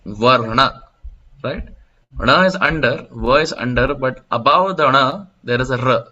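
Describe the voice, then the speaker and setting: A man giving a devotional scripture lecture in a temple, explaining and telling stories with soft laughs. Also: mid-range voice, normal speed. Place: temple hall. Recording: dull lo-fi lecture recording.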